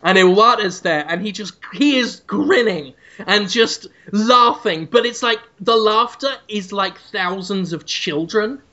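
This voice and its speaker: A male podcast host with a bright, sharp voice who rambles through a deadpan, absurd story. His telling is loose and improvised. The audio is dull and lo-fi. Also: sits high, unhurried, hardly any pauses.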